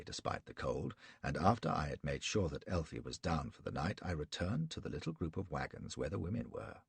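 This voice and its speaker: A man's voice: low-pitched, gravelly, breathy edge, no echo. A man narrating an audiobook in the first person, in a wry, sardonic storytelling manner.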